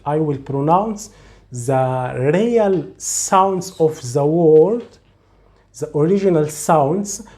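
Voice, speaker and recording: Male tutor, slightly high voice, slow, repeats points, recites examples. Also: warm tone. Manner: patient, repetitive explanation with recited example words. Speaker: Arabic and Quran recitation teacher. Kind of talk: tutorial explaining a pronunciation rule.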